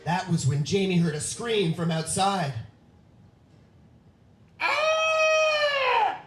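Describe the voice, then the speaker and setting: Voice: medium pitch, normal speed, music in the background. A host narrating a children's story at a live theatre event, playful and hamming up the spooky parts. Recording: echoey room, distant mic, noisy.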